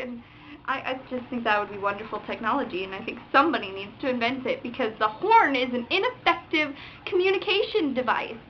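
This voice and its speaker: Young woman vlogger, high-pitched, casual and animated; muffled low-fi webcam recording, slight background noise. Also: fairly quick. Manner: animated, acts out drivers with sound effects and curses. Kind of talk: casual storytelling rant. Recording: dull lo-fi webcam audio with faint noise.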